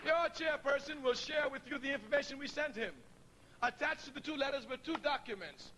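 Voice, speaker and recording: A man's voice: very high-pitched, fairly quick, background noise. A middle-aged man giving a public speech to an audience, telling stories in an emphatic, preacherly way. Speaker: speaker addressing an audience.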